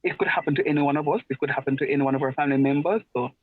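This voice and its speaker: A man runs an online class over a video call, his slightly high voice coming through muffled and dry. He talks in a chatty way and circles back on his phrases for emphasis. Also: steady tone, rapid-fire, husky, no echo. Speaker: lecturer.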